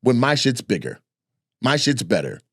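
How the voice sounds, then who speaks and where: A man's voice: mid-range voice, sing-song, normal speed, slightly rough, dry recording, clean studio sound. A man, a comedian, delivering a heated, profane, repetitive rant as comedic commentary.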